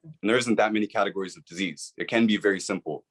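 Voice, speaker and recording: A man's voice: on the low side, quick pace. A man, the guest and author, explaining his views in an interview with an earnest, persuasive manner, often checking in with "right?".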